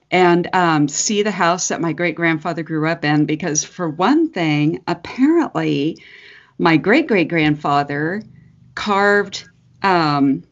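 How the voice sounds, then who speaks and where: A woman co-hosting a casual podcast chat, her voice hoarse and husky from screaming, laughing often and swearing freely. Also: on the low side. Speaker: podcast co-host. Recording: dull lo-fi podcast audio.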